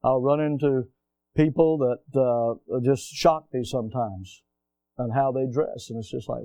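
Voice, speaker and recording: A man preaching a sermon, reading scripture aloud and asking his congregation questions, swinging between quiet asides and loud emphatic rises. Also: mid-range voice, a little slow, dry recording. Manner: reads scripture aloud in old-fashioned wording. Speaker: pastor.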